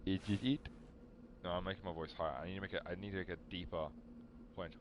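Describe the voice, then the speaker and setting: A man's voice: low voice, steady tone, fast, muffled recording, noisy background. A man streaming live, chatting casually and muttering to himself as he searches for things.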